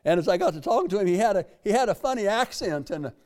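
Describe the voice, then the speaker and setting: An older man with a drawl preaches a sermon in a homespun, repetitive style, lifting into scripture readings. His voice sits a bit high for a man yet sounds warm and mellow. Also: lively intonation, fast. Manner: folksy, repeats phrases, reads scripture aloud. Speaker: pastor.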